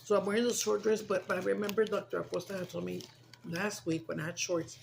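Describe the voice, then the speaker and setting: A woman's voice: on the low side, brisk, vocal fry, slight background noise, poor audio. An older woman chatting casually to viewers while she eats, mixing English and Spanish and calling to her pets. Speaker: mukbang vlogger. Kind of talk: casual chat while eating. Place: home.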